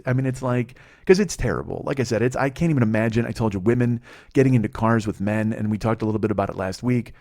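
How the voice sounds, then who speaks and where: A fast-talking man in his forties, hosting a comedy podcast. He rambles through stories full of swearing and pokes fun at himself. His voice sits at a middling pitch. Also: gravelly, darkish tone. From Illinois, US. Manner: rambling, heavily profane, self-mocking. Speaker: podcast host. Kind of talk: comedic storytelling monologue.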